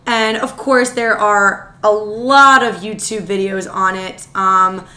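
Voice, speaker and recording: A woman co-hosting a podcast in casual chat, her voice worn out and tired, talking in an excitable, chatty way with quick asides. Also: mid-range voice. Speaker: podcast co-host.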